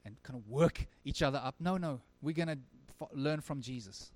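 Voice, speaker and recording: Speaking at a normal pace in a medium-pitched voice, a male pastor delivers an earnest sermon during a church service. He moves from forceful statements to very hushed moments.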